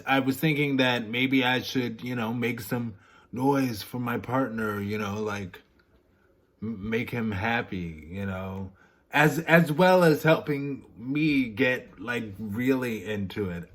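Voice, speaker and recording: A man talks casually to his camera in an unhurried, leisurely way. He rambles from one thought to the next, cuts himself off, starts sentences over and chuckles at his own remarks. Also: mid-range voice, fairly bright tone. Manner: rambling, self-interrupting, laughs at himself. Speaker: vlogger. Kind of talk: casual candid chat to camera.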